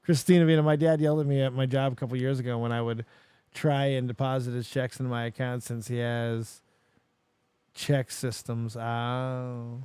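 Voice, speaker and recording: A young man hosting a live show, telling a story in an animated, profane way and getting worked up as he goes. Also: medium pitch, normal speed, clean tone, no room sound. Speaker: show host.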